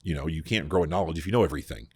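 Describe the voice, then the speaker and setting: A man hosting a podcast, explaining scripture in a casual, animated way, often restarting his sentences. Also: a bass voice, rapid-fire, slightly rough, no echo, clean studio sound. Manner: animated, full of restarts and repeated words. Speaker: podcast host discussing scripture. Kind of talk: casual conversational Bible teaching.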